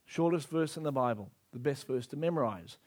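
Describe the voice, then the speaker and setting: A man's voice: mid-range voice, expressive, brisk, darkish tone. A male preacher giving an emphatic sermon and acting out scripture scenes.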